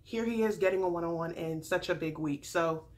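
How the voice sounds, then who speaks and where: A woman giving a casual, animated TV recap as a vlogger, slangy and quick to laugh. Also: lowish voice, a little hiss or hum.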